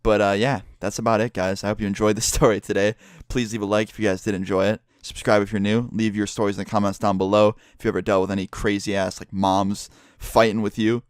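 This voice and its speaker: A young man casually telling a story to his channel, full of swearing and animated retelling. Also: on the low side, quick pace, clean tone, no echo, clean studio sound. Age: young adult.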